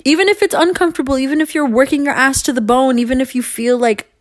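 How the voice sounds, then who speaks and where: A woman's voice: high voice, fairly even intonation, fast talker, no echo, clean studio sound. A young woman talking straight to her viewers in a rambling, earnest way, laughing often and swearing casually. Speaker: vlogger.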